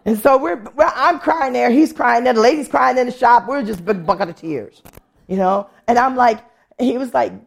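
A woman's voice: a little high, moderate pace, creaky. A woman pastor preaching a sermon, telling a testimony and acting out the voices of people she quotes. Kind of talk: sermon with storytelling.

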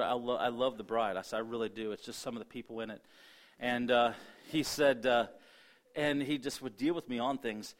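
A middle-aged man from Ohio preaching, telling a personal testimony with quoted dialogue and frequent restarts. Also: mid-range voice. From Ohio, USA. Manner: storytelling, quotes himself and others, many restarts. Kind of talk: sermon testimony.

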